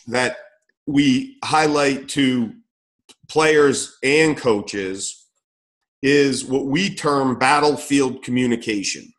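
A middle-aged man explaining how coaches should communicate, emphatic and direct, often repeating words and asking rhetorical questions. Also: medium pitch. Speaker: coaching consultant. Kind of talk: instructional talk.

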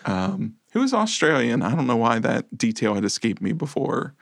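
Male podcast co-host, gravelly, dry close mic, rambling and self-deprecating. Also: medium pitch, big pitch swings, moderate pace, no echo. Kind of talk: casual movie podcast chat.

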